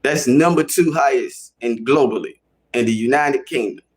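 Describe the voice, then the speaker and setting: Animated slangy man on a livestream. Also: medium pitch, normal speed, husky. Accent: Chicago. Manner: slangy, animated, repeats himself. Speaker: livestream host. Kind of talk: casual livestream talk to chat.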